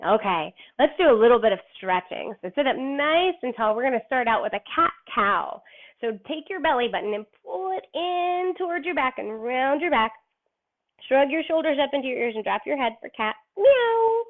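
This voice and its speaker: A woman's voice: high-pitched, lively intonation. Encouraging woman on a tinny line. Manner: encouraging, slow and sing-song when cueing poses. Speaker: children's yoga teacher. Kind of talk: gentle yoga instruction and storybook reading for kids. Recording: tinny phone-like sound.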